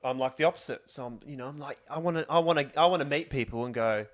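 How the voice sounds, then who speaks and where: A man's voice: medium pitch, fast talker. A man co-hosting a podcast in casual chat, hesitant and chuckling as he opens up. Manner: hesitant, chuckling, open about emotions.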